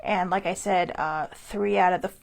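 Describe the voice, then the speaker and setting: Female host, gravelly voice with vocal fry, frank and confessional in a personal talk. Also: fairly low pitch, steady tone, normal speed. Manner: candid, confessional. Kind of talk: personal mental health monologue.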